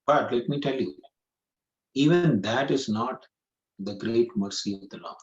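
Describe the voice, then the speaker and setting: A man's voice: mid-range voice, measured pace, muffled recording. A man giving a scripture class, telling a story earnestly and repeating phrases for emphasis. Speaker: preacher.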